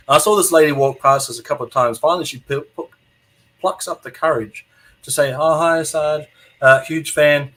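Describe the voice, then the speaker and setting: A man hosting a podcast, telling an animated story in casual chat and acting out the people in it. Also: mid-range voice. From New Zealand. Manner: animated anecdote teller, acts out quotes, swears freely. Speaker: podcast host.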